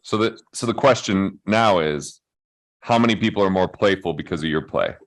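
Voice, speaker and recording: Male interview host, forties, very deep voice, reflective, musing. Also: moderate pace. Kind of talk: interview conversation.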